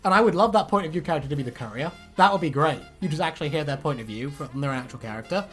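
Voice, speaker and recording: A woman co-hosting a casual chat, animated and laughing often, breaking into silly voices. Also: sits low, very fast, soft background music. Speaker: co-host.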